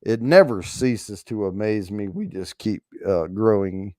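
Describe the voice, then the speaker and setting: A man hosts a casual livestream at an unhurried, drawn-out pace. He jokes loosely and swears mildly as he fumbles with the giveaway screen. The sound is dry and close, with no room behind him. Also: lowish voice, warm tone, dry recording. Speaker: show host running a prize giveaway.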